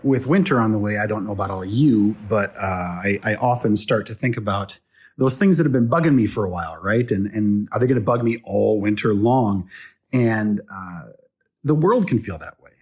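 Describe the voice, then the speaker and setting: A man with a slightly husky voice leads a relaxed devotion as a pastor, his pitch rising and falling expressively. He talks to the viewer conversationally and keeps asking them questions, recorded at home. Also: moderate pace. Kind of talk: casual devotional talk. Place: at home indoors.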